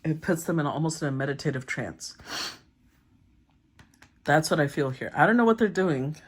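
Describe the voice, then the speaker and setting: A woman giving a casual tarot reading, thinking aloud, often clearing her throat and murmuring as she names the cards. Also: low-pitched, expressive, normal speed. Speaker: tarot reader.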